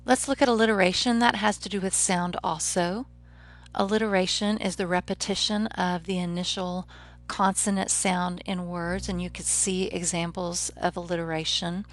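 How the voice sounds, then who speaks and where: Low-voiced woman explaining poetry. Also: fairly even intonation. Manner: measured, explanatory, slows down to read poetry lines aloud. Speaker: professor. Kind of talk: recorded literature lecture.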